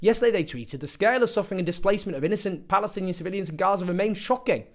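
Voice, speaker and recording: A man's voice: high-pitched, very fast. A man from Britain delivering a sarcastic, indignant political opinion monologue to camera, full of rhetorical questions. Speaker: political commentator.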